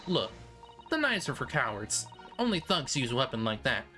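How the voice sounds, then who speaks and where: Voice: medium pitch, big pitch swings, normal speed, sharp tone, faint music behind. A streamer voicing a brash young female pickpocket with a southern English accent while reading a game aloud. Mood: defiant. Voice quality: brash, streetwise.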